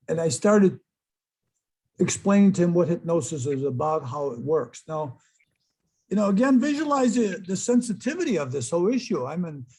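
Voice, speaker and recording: A man's voice: high voice, poor audio. A middle-aged man, a hypnotist, telling a story to an online audience on a video call and acting out the voices he quotes. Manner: animated storyteller who acts out quoted voices. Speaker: hypnotist giving an online talk.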